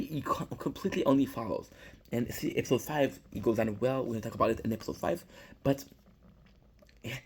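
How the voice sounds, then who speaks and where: A man's voice: mid-range voice, darkish tone, breathy edge. A young man giving a casual, rambling recap of a TV episode, swearing freely and often restarting his sentences. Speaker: show reviewer.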